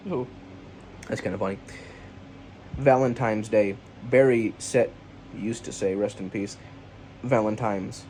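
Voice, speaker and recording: Faint lawn mower noise drifts in from outside as a man, alone at home, hosts a laid-back comedy podcast, going through a list and mocking each entry with sarcasm and swearing. He speaks at medium pitch in a darkish tone, at a measured pace with long pauses.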